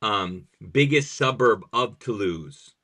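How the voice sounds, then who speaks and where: A man hosting a podcast, chatting casually and telling stories with lively enthusiasm. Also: lowish voice, slow. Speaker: podcast host.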